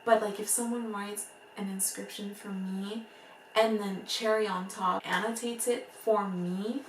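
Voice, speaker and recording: Gravelly-voiced woman gushing about books. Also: medium pitch, slight background noise. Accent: noticeable accent. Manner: gushing and excitable, laughs often; rambling, full of "like" and restarts. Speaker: book vlogger. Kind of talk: casual chat to camera. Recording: roomy echo, mic at a distance.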